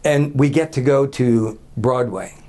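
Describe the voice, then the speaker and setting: A man's voice: medium pitch, measured pace, warm tone. A man from Brooklyn, a guest entertainer chatting on a talk show, laughing often and stumbling over his words. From Brooklyn, New York. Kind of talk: casual talk show chat, telling a joke.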